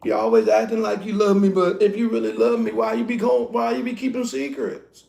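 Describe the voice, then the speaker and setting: A man putting on Delilah, a seductive schemer who sulks and whines to get her way, in a high, gravelly voice. She pouts softly as she fakes her sadness. The sound rings around a roomy, echoing space. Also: level tone, a little fast. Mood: sulky. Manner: soft, whiny, sulking. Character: scheming seductive Delilah, a grown woman, wheedling and fake-sad. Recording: echoey room.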